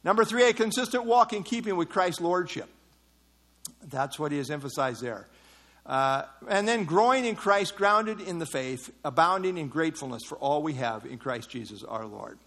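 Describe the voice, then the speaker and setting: A man's voice: a little high, expressive, normal speed, a bit bright. A man preaching a sermon, teaching verse by verse with frequent "uh" fillers and mocking asides. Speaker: pastor. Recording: evening service.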